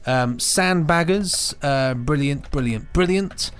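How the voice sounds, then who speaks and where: A man's voice: fairly high pitch, slow. A man co-hosting a podcast, reading out listener emails in a chatty way. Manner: reads emails, chatty, laughs often. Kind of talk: casual chat.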